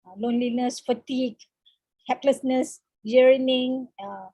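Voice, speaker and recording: A woman with a Malaysian English accent giving a seminar lecture on counseling over a video call, speaking haltingly with many fillers and slipping in Malay words. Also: high-pitched, steady tone, warm tone, no echo.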